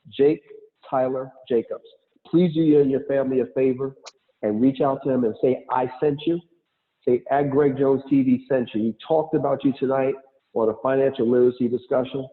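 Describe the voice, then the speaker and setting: A man giving a lively motivational talk as a guest speaker on an online call, acting out quotes as he goes. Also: mid-range voice. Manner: animated, acts out quotes, laughs. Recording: tinny phone-like call audio.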